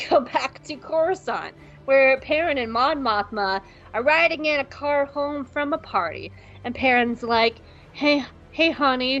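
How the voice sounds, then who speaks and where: A woman co-hosting a podcast, recapping an episode in a casual, profane, playful way and acting out characters' lines in quick bits. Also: fairly high pitch, fairly bright tone, highs cut off. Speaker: podcast co-host.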